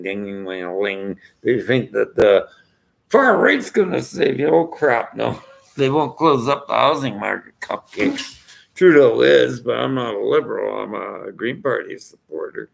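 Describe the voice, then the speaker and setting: Older Irish bloke, very gravelly, abrasive rambling vlog rant. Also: male voice, on the low side. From Ireland. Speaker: vlogger.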